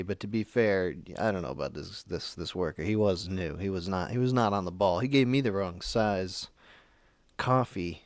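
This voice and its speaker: A man's voice: lowish voice, no echo, studio quality. A man calling in to a talk show, telling a story in a rambling, casual way with many restarts. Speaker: caller.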